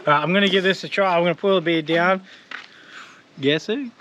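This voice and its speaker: An Australian man chats casually while cooking on camera for his vlog, loose and joking with plenty of fillers. His voice is high, steady in tone, fairly quick and a bit bright. There's slight background noise.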